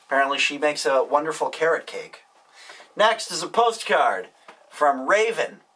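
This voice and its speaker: Young male vlogger, deadpan joker reading fan mail; bright, edgy tone, mic set back. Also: a little high, moderate pace, slightly rough, distant mic, low-quality recording. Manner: dry, wisecracking asides. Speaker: YouTuber reading viewer mail. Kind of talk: casual vlog, reading postcards aloud.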